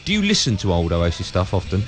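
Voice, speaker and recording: A man hosts a live talk radio show, firing off questions at his guest. His delivery is fast, and his pitch moves a lot. Faint music plays behind him. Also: huge pitch swings. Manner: brisk, presses the guest with questions.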